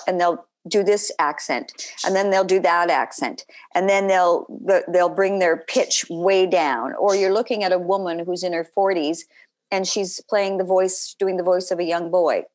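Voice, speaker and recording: A woman actor chatting as a podcast guest, telling stories in an animated way with laughing asides. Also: on the low side, moderate pace. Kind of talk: casual interview chat.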